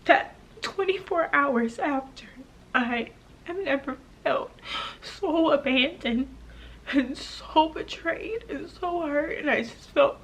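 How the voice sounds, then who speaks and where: A young adult woman telling a painful personal story to camera, halting and emotional, with pauses and restarts. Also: high voice, fairly bright tone. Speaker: vlogger.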